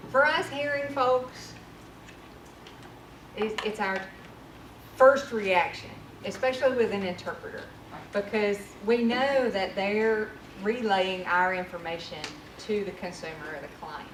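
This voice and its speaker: A woman trainer talks through a workshop in a candid, conversational way. She sounds distant from the mic in a reverberant room. A steady noise sits under her voice. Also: mid-range voice, a little slow. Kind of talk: workshop presentation. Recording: echoey room from far off with noise.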